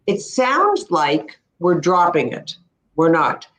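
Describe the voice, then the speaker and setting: This is a middle-aged Canadian woman teaching pronunciation, with a crisp, instructive manner. She slows down to model words carefully. Her voice carries a noticeable room echo. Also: fairly low pitch, big pitch swings. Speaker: speech-language pathologist.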